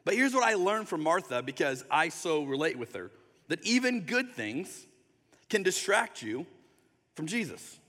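A pastor gives a sermon in a relaxed, conversational style, often breaking into quick acted-out voices and sinking to soft, tender tones. His voice is bright and rather high for a man, and the long reverb of a large hall echoes around it.

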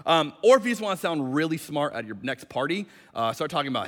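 Man, pastor, sermon, conversational teaching, light humor, high-pitched, long church reverb. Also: lively intonation, quick pace, fairly bright tone. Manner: conversational, explanatory, lightly joking. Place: church sanctuary.

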